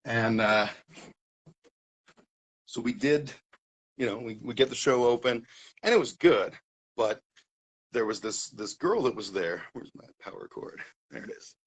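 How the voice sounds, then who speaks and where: A man hosting a casual chat, telling a story with lively swings between loud and quiet and frequent laughter. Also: medium pitch, a little slow, long pauses, rough recording. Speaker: podcast host.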